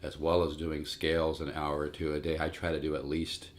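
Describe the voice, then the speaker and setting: A man's voice: very deep voice, completely flat delivery, fairly quick. A man in his sixties giving a casual, rambling guitar lesson and calling his viewers "folks". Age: 60s. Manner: rambling, repeats words, addresses "folks". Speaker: guitar teacher. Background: acoustic guitar playing.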